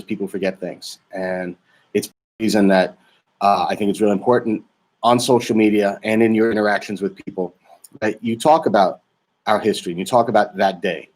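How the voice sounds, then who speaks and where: A middle-aged man, a teacher, recalling a personal memory to camera in a halting, thoughtful way with frequent pauses and fillers. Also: on the low side. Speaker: social studies teacher. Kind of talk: personal reflective recollection to camera.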